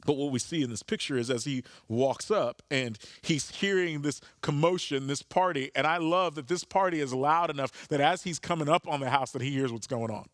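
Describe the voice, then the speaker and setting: A man's voice: a little high, a little fast, few pauses, a bit bright, no room sound, studio quality. A man preaching a sermon as pastor, earnest, often repeating words as he searches for a phrase.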